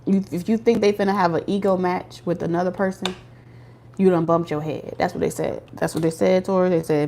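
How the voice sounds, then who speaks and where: A woman's voice: on the low side, fairly even intonation, fairly quick, mellow, a little hiss or hum. Blunt, slangy woman reading tarot. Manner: blunt, slangy and profane, with laughs. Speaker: tarot reader. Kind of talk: casual tarot reading to viewers.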